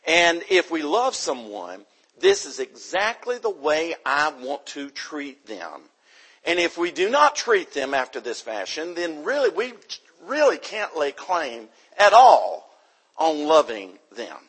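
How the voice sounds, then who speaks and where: A man's voice: on the high side, huge pitch swings, slow pace, fairly bright tone, husky, poor audio. A man from the United States preaching an emphatic sermon into a microphone, repeating his key points for stress.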